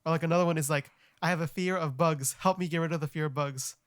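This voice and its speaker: A young man co-hosting a podcast, explaining things in a relaxed, plain way. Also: a little high, quick pace, no echo, studio quality. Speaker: podcast co-host. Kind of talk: casual podcast chat.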